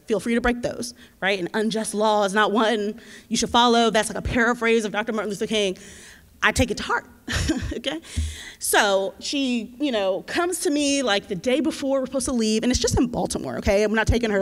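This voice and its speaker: A woman in her twenties, a community organizer, telling a lively, slangy story at a teach-in. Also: a little high, fairly quick. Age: 20s. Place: lecture hall. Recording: reverberant hall.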